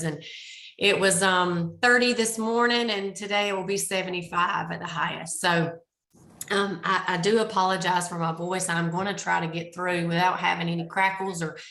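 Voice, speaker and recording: Raspy southern lady talking a webinar, kinda bright and gravelly, echoey room. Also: on the low side. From Southeast Georgia, US. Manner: chatty, apologetic, with fillers. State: under the weather, raspy voice. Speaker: physical therapist presenter. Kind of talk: webinar presentation.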